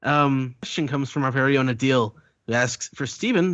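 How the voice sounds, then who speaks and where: A man's voice: mid-range voice, a little fast, a bit bright, dry recording. Guy co-hosting a podcast, reads listener qs, dry close sound, kinda dull lo-fi audio. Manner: reads questions out, laughs easily. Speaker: podcast co-host reading listener questions. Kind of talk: casual podcast chat.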